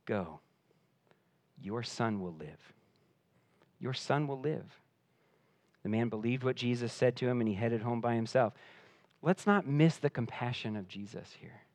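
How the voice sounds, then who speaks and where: A man preaches earnestly as pastor, building pitch and force to stress points before going quiet and often repeating words as he restarts. The recording carries no room sound.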